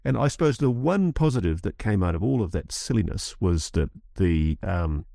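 A man with a deep, gravelly voice argues his case in an interview, his pitch leaping up as he presses each point and restarts phrases. His tone is dark and mellow, and the recording is close and dry. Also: expressive, moderate pace, dry recording. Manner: impassioned, restarts phrases, rising emphasis. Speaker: guest commentator. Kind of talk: animated interview talk.

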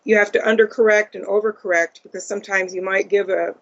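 An interview guest giving a first-person account in a halting way, with many ums and uhs. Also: mid-range voice, steady tone, gravelly, a bit bright. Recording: dull lo-fi audio.

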